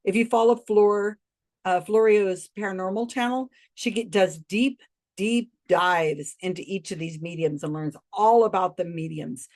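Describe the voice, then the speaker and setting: A woman hosting a reaction channel, casually and skeptically commenting on a video she has paused. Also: medium pitch, a little mellow.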